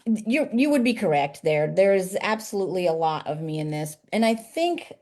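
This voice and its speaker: A woman who writes poetry for children, chatting lively in an interview over a video call. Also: lowish voice, moderate pace. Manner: lively, chatty, laughs easily. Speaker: children's poet and author. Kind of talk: casual interview chat.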